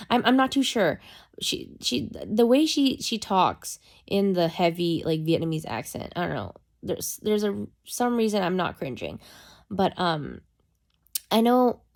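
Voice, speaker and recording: A woman hosting a livestream, chatting casually with viewers in a rambling, self-conscious way, with many restarts and filler words. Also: medium pitch. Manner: self-conscious, apologetic aside. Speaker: livestream host. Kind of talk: casual chat with stream viewers.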